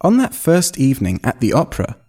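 A man reads a first-person story aloud at a middle pitch. His voice rises and falls freely, and he tells it in an expressive storyteller's way. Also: brisk, husky. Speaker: narrator. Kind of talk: scripted story narration.

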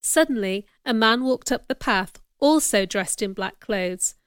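Smooth-voiced woman reading a story. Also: a little high, measured pace, a bit bright, no room sound, studio quality. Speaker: narrator. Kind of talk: scripted audiobook narration.

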